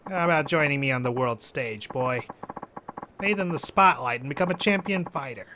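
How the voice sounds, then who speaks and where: A man reading a gruff older fight trainer. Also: mid-range voice, moderate pace, background noise, lightly acted. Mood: weary, earnest. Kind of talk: amateur quote reading of game dialogue.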